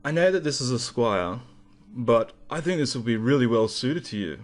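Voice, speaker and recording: A man's voice: mid-range voice, expressive, moderate pace, lightly acted. A man doing an impression of a smarmy, condescending middle-aged male guitar salesman who talks like a posh connoisseur.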